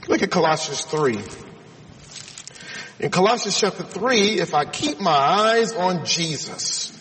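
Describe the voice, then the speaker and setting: A man's voice: high voice, lively intonation, unhurried, a bit bright, in a large hall, poor audio. A man preaching a sermon, reading scripture aloud and explaining it, calling his listeners friends.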